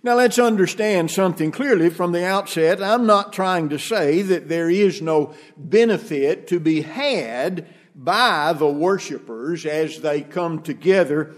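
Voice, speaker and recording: A man preaching a sermon to his congregation as their minister, talking in a measured, deliberate way and posing rhetorical questions. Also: a little high. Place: church.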